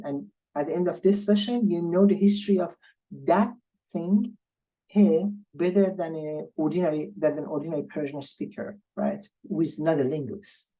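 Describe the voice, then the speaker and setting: A woman language tutor giving an online lecture, explaining patiently and slowly repeating example words for learners. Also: sits low, dark tone, low-quality recording.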